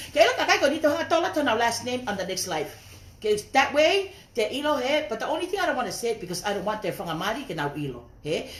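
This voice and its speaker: Young woman, heated live-stream rant, rapid and lively, roomy echo. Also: medium pitch, slight background noise. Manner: confrontational, mixing Tongan and English. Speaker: livestreamer.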